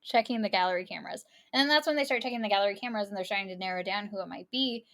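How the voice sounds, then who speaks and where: A woman co-hosting a podcast, chatting casually about a movie, quick to laugh and to admit when she's wrong. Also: medium pitch, a bit bright. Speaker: podcast co-host. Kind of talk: casual chat.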